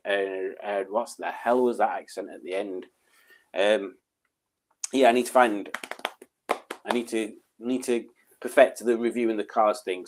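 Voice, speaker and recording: A man chatting casually on a live stream, reading out viewers' messages, rambling with ums and chuckles. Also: fairly low pitch.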